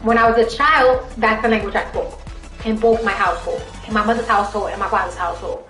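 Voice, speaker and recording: A young woman from the Bronx, New York, who grew up speaking Spanish, chats with viewers on a live stream in a heavy Bronx Puerto Rican accent. Her mid-range voice is fast and a bit bright as she rambles, talking straight to the audience. The room echoes and music plays behind her.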